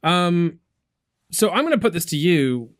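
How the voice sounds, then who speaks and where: A man's voice: high-pitched, sing-song, unhurried, no room sound, clean studio sound. A man with an English accent, hosting a casual gaming podcast and rambling with lots of fillers and restarts. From England. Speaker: podcast host. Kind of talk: casual chat.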